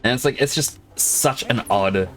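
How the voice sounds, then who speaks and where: A man's voice: mid-range voice, moderate pace, soft background music. Chatty Australian man streaming a game. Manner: chatty, rambling, self-interrupting. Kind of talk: casual gameplay commentary.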